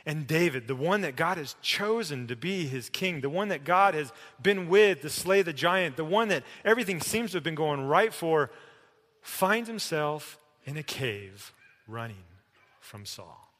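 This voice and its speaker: A man's voice: a little high, expressive, measured pace. Emphatic man preaching in a reverberant hall. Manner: emphatic, shifts from loud to hushed. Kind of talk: sermon.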